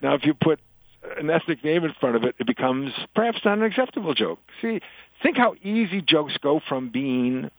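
A man's voice: fairly high pitch, normal speed, no echo, low-quality recording. Older man telling jokes in a dry studio. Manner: chatty storyteller, animated in punchlines. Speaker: author and guest. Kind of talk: interview conversation, telling jokes.

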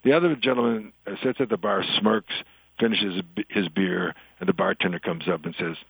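A man's voice: sits low, brisk, gravelly, husky, dry recording, rough recording. Older man telling jokes in a dry studio. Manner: chatty storyteller, animated in punchlines. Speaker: author and guest. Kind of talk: interview conversation, telling jokes.

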